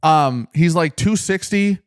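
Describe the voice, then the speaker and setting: Animated swearing male podcast storyteller. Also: fairly high pitch, takes it slowly, clean tone, no room sound, studio quality. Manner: animated storyteller, swears freely, acts out quoted lines. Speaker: podcast co-host. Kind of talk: casual chat, retelling a story.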